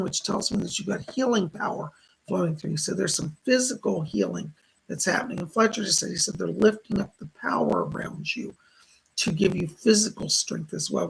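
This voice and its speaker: Hoarse male medium on a live stream, gravelly and husky, relaying what spirits say. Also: high-pitched, poor audio. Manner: relays spirit messages as quoted speech. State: hoarse, losing his voice. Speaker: psychic medium. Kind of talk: live-stream psychic readings.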